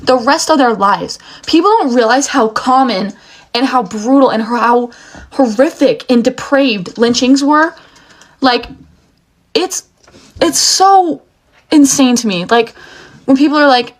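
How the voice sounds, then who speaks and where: Young woman, higher voice, angry video rant full of swearing. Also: animated, measured pace, long pauses. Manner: heated, swearing, restless. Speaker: video commentator. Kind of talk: emotional rant to camera.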